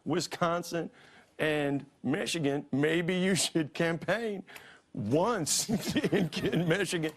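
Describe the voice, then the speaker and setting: A man, a comedian and impersonator, chatting as a guest in an animated, storytelling way. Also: fairly high pitch, slow. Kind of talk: casual talk show chat.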